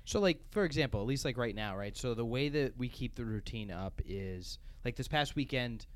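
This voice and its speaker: A man's voice: mid-range voice, moderate pace. A young man, co-hosting a podcast and talking casually with lots of fillers. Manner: relaxed, rambling with many fillers. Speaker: podcast co-host.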